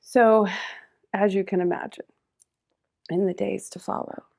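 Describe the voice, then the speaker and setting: As a podcast guest, a middle-aged woman tells a personal story in a gravelly voice with vocal fry, her pitch sitting at an ordinary middle level. She alternates between raised, urgent passages and hushed, quiet ones, speaking a little slowly with fairly even intonation.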